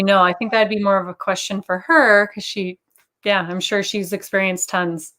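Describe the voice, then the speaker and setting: A woman's voice: medium pitch, steady tone, normal speed, bright, forceful tone. A woman in her thirties, a guest in an interview, telling a personal story in an earnest way. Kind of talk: casual interview talk.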